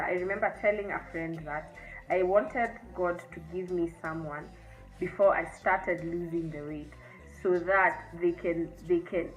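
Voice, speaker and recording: A young Kenyan woman with a low-pitched voice speaks candidly and reflectively, often restarting her sentences. She sounds emotional at times, and faint music plays underneath. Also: rough recording. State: emotional, near tears at times. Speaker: vlogger. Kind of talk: personal storytelling vlog.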